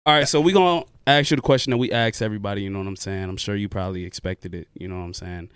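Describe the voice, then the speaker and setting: Man, podcast host, laid-back slang, smooth voice, dry close mic. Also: on the low side, very fast, no room sound. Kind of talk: casual podcast chat.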